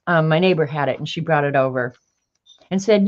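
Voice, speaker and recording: Low-voiced chatty woman. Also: lively intonation, brisk, lo-fi sound. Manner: chatty, laughs often. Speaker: livestream host. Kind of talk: casual chat.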